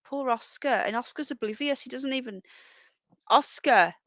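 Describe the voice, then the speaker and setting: A woman chatting casually to viewers on a home livestream, often calling her pets in a high singsong voice. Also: a little fast, no room sound. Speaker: livestream host. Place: home, indoors. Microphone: earphones with mic.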